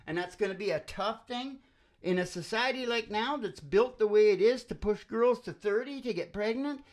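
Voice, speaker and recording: A man's voice: sits high, moderate pace. A man hosting a radio show in casual chat, blunt and swearing, often trailing off mid-sentence. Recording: loud acoustic guitar behind voice.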